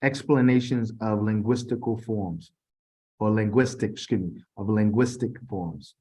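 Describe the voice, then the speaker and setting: A man leads an informal tutoring session, reading out multiple-choice questions. His voice sits on the low side, and he stumbles, restarts and corrects himself as he goes. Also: dark tone, breathy edge. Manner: informal, halting, reads quiz questions aloud with restarts. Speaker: TESOL instructor.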